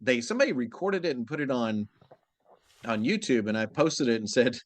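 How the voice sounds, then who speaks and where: A man's voice: mid-range voice, fairly quick. A man from Texas, a voice actor, telling anecdotes in a casual interview. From Texas, USA. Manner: animated anecdotal storytelling. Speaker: voice actor guest.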